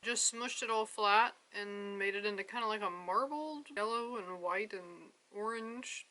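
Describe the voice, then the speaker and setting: A woman's voice: mid-range voice, a little slow, bright, forceful tone. Chatty woman vlogging crafts at home, jokey and self-deprecating, mid-range voice. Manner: chatty, self-mocking, often laughing. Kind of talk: casual vlog narration. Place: home apartment.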